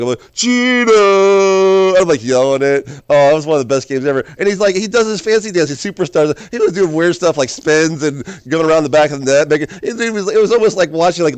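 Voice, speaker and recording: Excitable rambling man, dry close sound. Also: fairly high pitch, clear, resonant tone, no echo. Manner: excitable, repeats and restarts phrases often; calls himself loud, bursts into yells. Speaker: video host. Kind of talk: rambling casual monologue.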